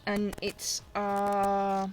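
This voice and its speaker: A woman's voice: mid-range voice, monotone, very slow, faint music behind, poor audio. A Scottish woman streaming, chatting casually and bluntly while she plays, swearing freely. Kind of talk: casual chat while gaming.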